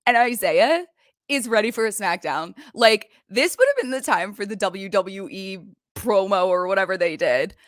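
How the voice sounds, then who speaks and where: A young woman hosting a casual recap show, retelling scenes in a gossipy, animated way. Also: medium pitch, normal speed, dry recording, clean studio sound. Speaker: recap podcast host. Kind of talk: casual chat. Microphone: desk microphone.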